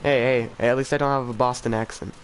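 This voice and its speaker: A man's voice: mid-range voice, fairly even intonation, fast, slight background noise, poor audio. A teenage boy chatting casually on a game stream, rambling and self-deprecating, often trailing off and restarting. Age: teens. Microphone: desk mic for streaming.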